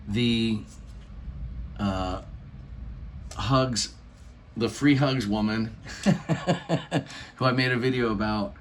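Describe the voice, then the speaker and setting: A man's voice: medium pitch, a little hiss or hum. A middle-aged man vlogging casually into his phone, rambling with many fillers and restarts, earnest and laughing between phrases. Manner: meandering, lots of fillers and restarts. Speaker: YouTuber.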